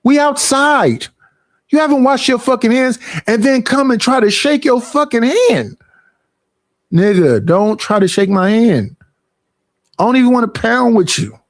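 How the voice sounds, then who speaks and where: A young man, streaming a casual, profane, animated rant about personal space and family gatherings. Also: very high voice, measured pace, no room sound, clean studio sound.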